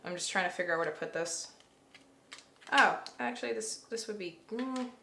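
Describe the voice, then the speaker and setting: Bright-voiced woman doing a tarot reading on camera, chatty and thinking out loud, bit of room echo. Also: mid-range voice, moderate pace, creaky, slight background noise. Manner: chatty, thinks aloud, gushing bursts. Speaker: tarot reader. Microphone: camera mic.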